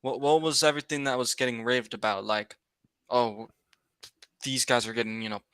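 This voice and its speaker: Man, podcast co-host, casual chat, hesitant, stammering, bright forceful voice. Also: medium pitch, fairly even intonation, normal speed, smooth, dry recording. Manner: hesitant, stammering, laughs often.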